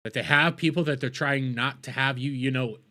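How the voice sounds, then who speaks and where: A man's voice: mid-range voice, fairly quick, bright, forceful tone. A man giving profane, combative reaction commentary, ranting back at news clips he plays. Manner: combative, ranting, heavy swearing.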